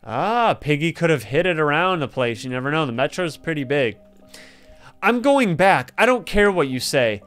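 An excitable young man reads game story dialogue aloud and reacts to every turn. His voice sits a little high and comes through smooth and clear. Faint music plays underneath. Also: normal speed. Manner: excitable, laughs and gasps often. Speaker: gaming YouTuber.

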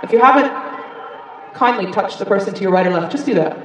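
A woman's voice: medium pitch, animated, quick pace, heavy background noise. American woman bantering with a concert crowd. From United States. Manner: playful, shouting out to the crowd. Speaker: singer on stage. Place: large live concert venue. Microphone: stage mic through the PA. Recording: echoey live concert audio from far off. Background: loud cheering crowd.

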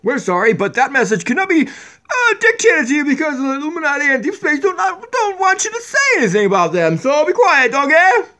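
A man's voice: extremely high pitch, very animated, fairly quick, pushed and bright, pitched above the performer's own voice, exaggerated voice. A man voicing a stern male announcer who reads out a disclaimer in a stiff, mock-official way.

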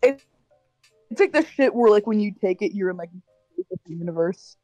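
A woman's voice: mid-range voice, lively intonation, moderate pace, warm tone, no echo, soft background music. Rambling woman chatting dryly. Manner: rambling storyteller, many fillers. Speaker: gaming co-host. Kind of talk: casual chat while gaming.

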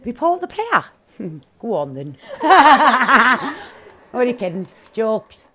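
A woman giving loud, excitable, swearing commentary over her gameplay, laughing often. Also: a little high, takes it slowly, husky. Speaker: gaming streamer.

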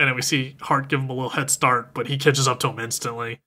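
A man's voice: mid-range voice, fairly even intonation, quick pace, hardly any pauses, sharp tone. A man co-hosting a podcast, casually retelling a movie's plot and acting out the characters' lines. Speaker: podcast co-host recapping a film. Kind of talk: casual chat.

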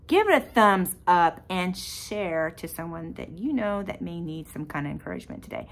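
A woman hosting her own podcast, telling a personal faith story in an animated, emotional way and talking straight to her listeners. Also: lowish voice, normal speed, few pauses. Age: adult parent. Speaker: podcast host.

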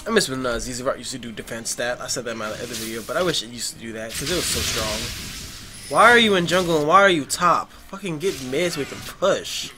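A young man commentating his own online match, exasperated, swearing and yelling at his teammates. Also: medium pitch, a little fast. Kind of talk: frustrated live gameplay commentary. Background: game music.

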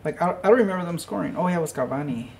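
A man's voice: high-pitched, animated, rapid-fire, vocal fry. A young man giving casual, profane commentary while playing a football video game, muttering and grumbling to himself about lag. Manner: swearing, frustrated, muttering to himself. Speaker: gaming channel host. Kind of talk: live gameplay commentary.

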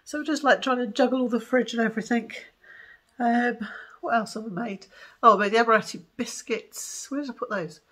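Breathy, chatty woman. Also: a little high, a little fast. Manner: chatty, excitable, giggles often. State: tired. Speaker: vlogger. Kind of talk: casual chat to camera.

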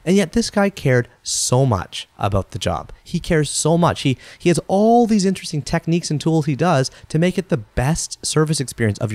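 A man hosting a podcast, telling a story in a chatty, animated way and acting out the quotes. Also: medium pitch, no echo. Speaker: podcast host.

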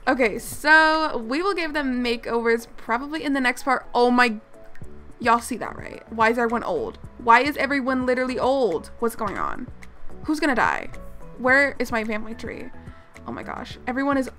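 A woman with a high voice gives chatty, excitable commentary over her gameplay. She gasps and exclaims often, and soft music plays underneath. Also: normal speed. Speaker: gaming channel host.

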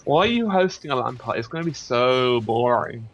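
A man's voice: mid-range voice, brisk, lo-fi sound, background noise. A man joking around in casual chat with a friend while playing an online game. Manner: playful, joking, animated, laughs often. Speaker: co-player.

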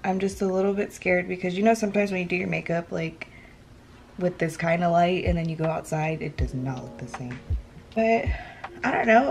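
A woman with a Southern American accent chats away casually at home as she gets ready, swearing freely and wandering between thoughts. Her voice carries a gravelly, fry-tinged texture, and music plays clearly underneath her. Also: mid-range voice. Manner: chatty, swearing, rambling with fillers. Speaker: vlogger. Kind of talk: casual chat.

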